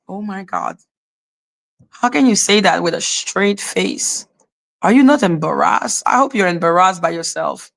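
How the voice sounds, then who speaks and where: A woman's voice: lowish voice, expressive, a little slow, gravelly, a bit bright. Sarcastic woman with a Haitian accent. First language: French and Haitian Creole. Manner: scornful, sarcastic, profane. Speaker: livestream host. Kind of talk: casual livestream commentary.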